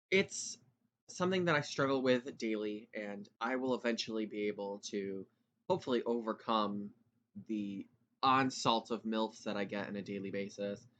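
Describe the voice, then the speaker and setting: A man in his twenties hosting a casual solo podcast, talking fast and loud with rambling asides. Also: on the low side, slight background noise. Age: 20s. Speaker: podcast host.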